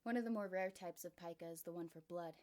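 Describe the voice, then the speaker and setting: A woman voicing a female schoolteacher who explains a lesson in an even, matter-of-fact way in a storybook reading. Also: lowish voice, fast, natural voice. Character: calm female schoolteacher giving a lecture.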